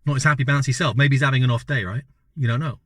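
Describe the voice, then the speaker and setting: A man's voice: medium pitch, fairly even intonation, quick pace, a bit bright, dry recording, studio quality. A British man in his fifties telling a story in a casual, chatty way, often checking in with the listener. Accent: British English. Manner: chatty, keeps checking in with "right?" and "you know?". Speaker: vlogger.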